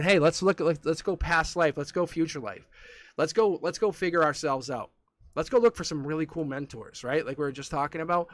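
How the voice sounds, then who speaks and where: A man with a slightly higher-than-average voice reads tarot on a live stream. He talks right to the viewer in a loose, chatty way and laughs softly as he goes. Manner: chatty, addresses the viewer directly, chuckles often. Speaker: tarot reader.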